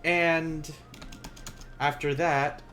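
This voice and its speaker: A man teaching a beginner Japanese lesson on a live stream, chatty and quick to laugh, often correcting himself mid-sentence. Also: on the high side, flat delivery, bright, forceful tone, slight background noise.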